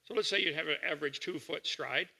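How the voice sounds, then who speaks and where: An older man giving a folksy lecture to an audience, explaining slowly with homely examples and checking in with listeners. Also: fairly high pitch, vocal fry, pushed and bright. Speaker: creationist lecturer. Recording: reverberant hall recording.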